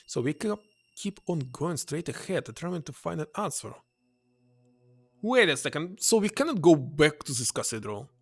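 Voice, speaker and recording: Husky, lively non-native game streamer. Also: male voice, on the high side, moderate pace, dry recording. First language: not English. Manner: hesitant, thinking aloud. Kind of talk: let's-play commentary, reading game text aloud.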